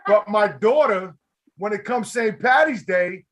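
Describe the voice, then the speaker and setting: Male host, high voice, animated storyteller acting out quotes in casual banter. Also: measured pace. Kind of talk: casual group chat.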